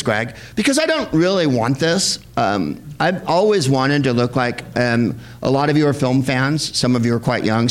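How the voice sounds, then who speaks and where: Man, film screening host, rambling comic talk, sardonic, profane, lively pitch. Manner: rambling, sardonic, profane, with sudden high-pitched put-on voices. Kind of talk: comic talk introducing a film to a live audience.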